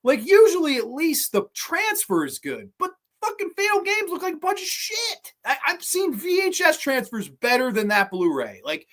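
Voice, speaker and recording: A high voice with wildly swooping pitch, a bit bright and at a normal pace with few pauses, belongs to a podcast host ranking horror films. On the casual livestream the host is blunt and profane, rambling, restarting and answering viewers.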